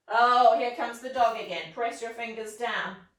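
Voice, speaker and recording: A woman guides young children through yoga in a playful, encouraging sing-song. She speaks slowly in a fairly high voice. Her voice is distant and echoes around the room. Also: a bit bright. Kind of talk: guided kids' yoga class.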